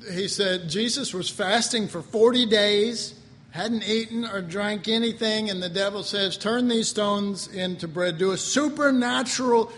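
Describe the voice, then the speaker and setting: An older man, a pastor, preaching a sermon in a folksy storytelling manner, often clearing his throat and chuckling. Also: high voice, a bit bright. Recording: long hall reverb.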